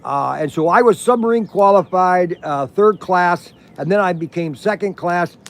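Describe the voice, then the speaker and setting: A man's voice: high-pitched, normal speed. A man in his sixties telling rambling stories at an outdoor campfire, acting out what others said. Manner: rambling, acts out quoted voices. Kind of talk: casual storytelling.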